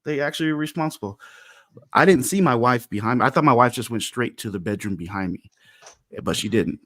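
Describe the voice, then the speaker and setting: A man in his forties telling a story in casual chat, animated and acting out the voices of the people in it. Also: mid-range voice, brisk, no room sound. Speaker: podcast co-host.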